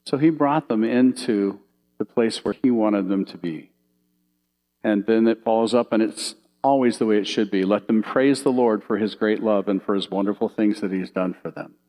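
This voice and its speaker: A man's voice: lowish voice, normal speed, rough recording. A man preaching a sermon from slides, telling vivid little stories and asking the audience questions. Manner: animated storytelling, asks the audience questions.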